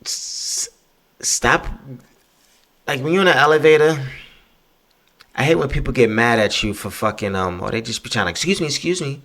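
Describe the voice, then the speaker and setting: A man hosts his own podcast, delivering a casual, profane solo rant that rambles and stays animated. His voice is medium in pitch and creaky, moving at a moderate pace with long pauses.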